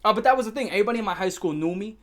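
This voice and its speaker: A young man telling a profane storytime rant, brash and boastful, dropping to mutters then shouting. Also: high-pitched, expressive, rapid-fire. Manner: brash, swearing, boastful, swings between mumbling and shouting. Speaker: YouTuber.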